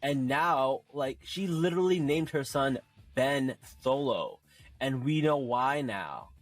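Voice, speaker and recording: A man's voice: medium pitch, takes it slowly. A man co-hosting a podcast, chatting with enthusiasm and lots of fillers like "like" and "you know". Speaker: podcast co-host. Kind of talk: casual chat.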